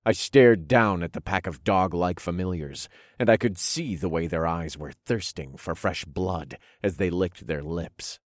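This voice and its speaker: Deep-voiced man narrating dark fantasy. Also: measured pace, few pauses, dry recording, clean studio sound. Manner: dramatic, dark storytelling. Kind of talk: audiobook narration.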